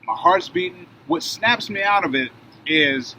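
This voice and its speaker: A man telling a personal story in casual conversation, acting out the voices and shouts of the people involved. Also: sits high, unhurried, a little hiss or hum. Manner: animated retelling, acting out shouted dialogue. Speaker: guest telling his story.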